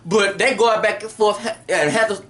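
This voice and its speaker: A woman in a casual vlog recapping a TV drama episode, blunt and animated, acting out the scenes as she goes. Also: medium pitch, moderate pace.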